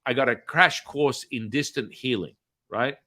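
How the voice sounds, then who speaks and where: A man hosts a podcast and tells a story at an ordinary middle pitch. He talks in a loose, chatty way, full of fillers and tag questions. When he quotes people, his voice leaps up in pitch and volume. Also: a little slow. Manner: acts out quoted dialogue with big swings in pitch and loudness. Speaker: podcast host. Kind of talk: animated storytelling.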